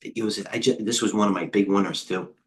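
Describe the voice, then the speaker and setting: Middle-aged male trading coach, low-pitched, loose and excitable, riffs on charts to his viewers. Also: brisk. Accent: New York. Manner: rambling, excitable, chatty with viewers. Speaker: trading coach hosting a livestream. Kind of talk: casual live market commentary.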